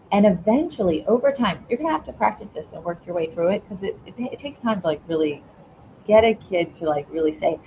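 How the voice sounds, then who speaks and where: A woman's voice: medium pitch, expressive, brisk, warm tone, slight background noise, rough recording. A middle-aged woman, a former school principal, talking casually as a podcast guest and explaining a method step by step while checking in with her listener. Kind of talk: casual interview talk.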